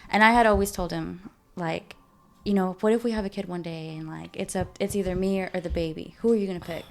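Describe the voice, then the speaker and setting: A woman's voice: lowish voice, steady tone, fast talker, vocal fry, darkish tone. A woman in her twenties, a podcast guest, candidly telling an emotional personal story in casual, slangy talk. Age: 20s. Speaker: interview guest.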